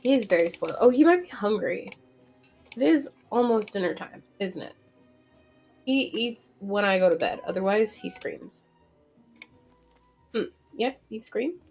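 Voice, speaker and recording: Casual woman streamer, rambling gameplay chatter, middle-pitched voice. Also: expressive, unhurried, gravelly, pauses often, darkish tone, faint music behind. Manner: rambling, lots of fillers and restarts.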